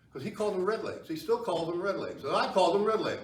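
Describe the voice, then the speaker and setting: Talking fast with few pauses, a man with a high voice and lively intonation gives a conversational public history talk, often asking the audience questions. He is a history lecturer in a meeting hall, recorded by a far tripod camera that makes the hall sound echoey and distant.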